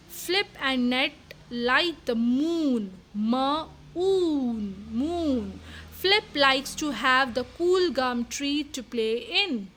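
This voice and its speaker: A woman's voice: high voice, fairly bright tone, a little hiss or hum. A woman teaching reading, sounding out words letter by letter and reading simple storybooks aloud in a phonics lesson.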